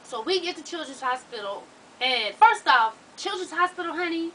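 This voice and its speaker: A woman vlogger telling a personal story to her viewers in an animated, profane, slang-heavy way. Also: high-pitched, normal speed, distant mic, a little hiss or hum, poor audio.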